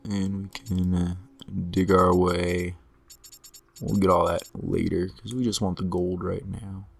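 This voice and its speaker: Low, gravelly, slow-talking man. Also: flat delivery. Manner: unhurried, talks through each move to himself. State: losing his voice. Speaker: gameplay commentator. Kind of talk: relaxed let's-play commentary.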